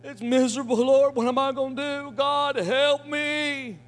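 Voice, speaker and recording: A self-pitying man moaning his troubles to heaven, as a preacher puts him on in the pulpit. His voice is high and plaintive, stretching the words out slowly. Faint music hums behind him. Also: fairly even intonation. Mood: whining. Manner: plaintive, drawn-out complaining.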